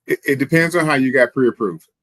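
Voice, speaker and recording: A mortgage lender explaining pre-approvals in a confident, joking manner. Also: male voice, mid-range voice, brisk, fairly bright tone, dry recording. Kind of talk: casual explanatory talk.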